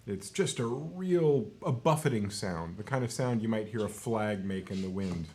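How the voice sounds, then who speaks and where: A man's voice: fairly low pitch, lively intonation, moderate pace, darkish tone, a little hiss or hum. A man acting as game master, narrating the scene for his players and chuckling now and then.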